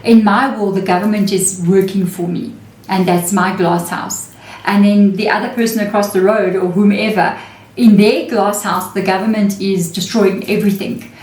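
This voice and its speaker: A woman's voice: medium pitch, fairly even intonation, moderate pace, darkish tone, reverberant. A woman giving a casual, reassuring tarot reading, chatting to viewers and acting out the people she quotes. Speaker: tarot reader.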